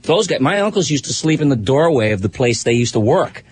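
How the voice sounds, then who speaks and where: A man from the Boston area talks in animated, casual radio chat as a guest voice actor. His pitch swings in a lively way, and he keeps slipping into character voices. A faint hiss sits behind him in the studio. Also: a little fast.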